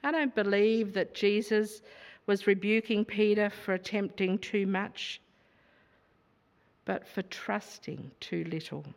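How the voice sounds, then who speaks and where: A woman preaching a sermon in a measured way, often asking rhetorical questions. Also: medium pitch, in a large hall.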